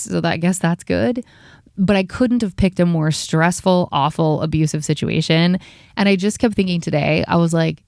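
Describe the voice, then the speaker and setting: A woman hosting a podcast, venting in a heated, profane, rapid-fire rant, tired after a long work day. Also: on the low side, darkish tone, no room sound, clean studio sound. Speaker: podcast host.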